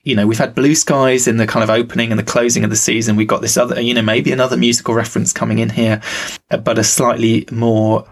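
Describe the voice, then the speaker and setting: A man's voice: mid-range voice, level tone, fast talker, vocal fry. A man co-hosting a podcast, talking casually and thoughtfully, asking himself questions and restarting his sentences. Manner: musing, self-questioning, many restarts. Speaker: podcast co-host. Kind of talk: casual critical discussion.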